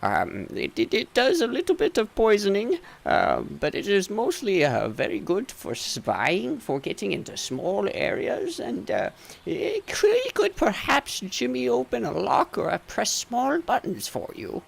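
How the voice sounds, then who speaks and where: Dude doing a high stammery old shop guy, kinda deaf, gravelly. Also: huge pitch swings, a little slow, heavily acted. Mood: fussy. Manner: dithering, stammering, high-pitched muttering. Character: fussy elderly male shopkeeper, hard of hearing.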